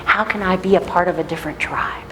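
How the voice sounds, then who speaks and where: A woman's voice: fairly low pitch, fast, pushed and bright. A woman voicing a reluctant, flustered male doctor who protests in exasperation. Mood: bewildered. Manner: exasperated, pleading. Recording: echoey room, faint noise.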